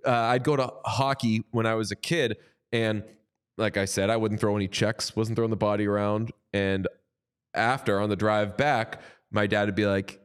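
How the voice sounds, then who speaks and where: A young man co-hosting a casual sports podcast, riffing playfully and reading an ad with bursts of excitement. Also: fairly low pitch, moderate pace, smooth. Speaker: podcast co-host. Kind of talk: casual chat and ad read.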